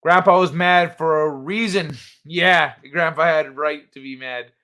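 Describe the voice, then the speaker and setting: A man's voice: on the high side, fairly even intonation, unhurried, bright, forceful tone. A man hosting a livestream, chatting casually and reading viewers' messages aloud with loose, profane asides that trail off into mumbles. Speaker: livestream host.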